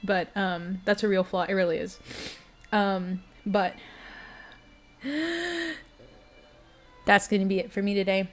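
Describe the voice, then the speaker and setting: A woman's voice: medium pitch, level tone, slow pace, pauses often, faint music behind. A young woman streamer in casual chat with her viewers, giggly and emotional, talking straight to her chat.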